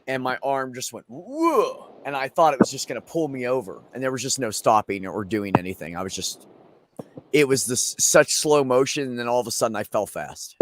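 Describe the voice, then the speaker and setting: A man's voice: mid-range voice, a little fast. A man hosting a casual chat, telling a long story in a rambling, profane way. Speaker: streamer host.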